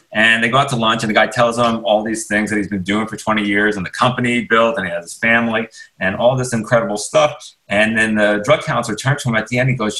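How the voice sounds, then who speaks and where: Male author guest, crisp bright tone, thoughtful, rambling delivery. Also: lowish voice, steady tone, a little fast, poor audio. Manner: reflective, with many restarts and fillers. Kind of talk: casual interview talk. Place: radio studio.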